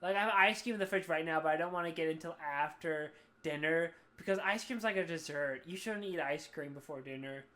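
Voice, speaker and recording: A man co-hosting a podcast while drunk, rambling loudly and swearing in casual chat. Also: a little high, fairly quick, hardly any pauses. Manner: rambling, loud, profane. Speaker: podcast co-host. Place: at home, on the floor.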